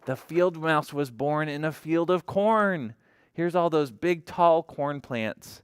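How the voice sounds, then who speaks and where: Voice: mid-range voice, slow, clean tone, no echo, studio quality. A children's librarian reading a picture book aloud to toddlers, imitating animal sounds and asking the children questions.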